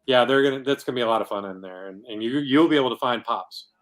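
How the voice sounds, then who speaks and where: A man's voice: mid-range voice, a crowd in the background. A man, a guest organizer of an event, talking casually and thankfully with the hosts. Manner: eager, thankful, quick talker. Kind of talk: casual chat.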